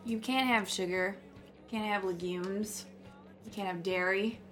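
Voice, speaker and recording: A woman's voice: mid-range voice, fairly even intonation, unhurried, fairly bright tone, faint music behind. A woman from Minnesota with a Minnesotan accent, a musician guest chatting casually and laughing often. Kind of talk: casual chat.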